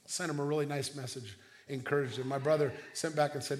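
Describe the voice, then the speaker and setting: A middle-aged man preaching a sermon as pastor, telling stories in a conversational way with quick restarts. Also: fairly high pitch, steady tone, slight background noise.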